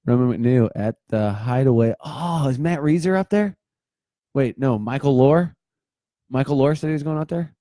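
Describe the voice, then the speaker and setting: A man in his thirties chats loosely on a livestream, rambling from story to story and tossing in jokes as he greets viewers. His voice sits in a middle pitch with a mellow, darker tone. The sound is dry and close, with no room echo. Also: big pitch swings, normal speed. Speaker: livestream host. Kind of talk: casual livestream chat.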